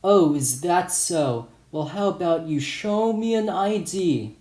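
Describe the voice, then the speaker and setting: A man's voice: a little high, unhurried, mellow, lightly acted. A man voicing a hot-tempered store owner in an audiobook, scolding with a raised voice. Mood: skeptical. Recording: roomy echo.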